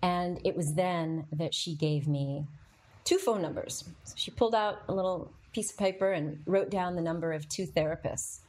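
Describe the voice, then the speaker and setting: A woman's voice: on the low side, moderate pace, darkish tone. Candid woman sharing a personal story. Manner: candid and emotional, with frequent fillers. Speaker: podcast host. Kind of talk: personal storytelling to a live audience.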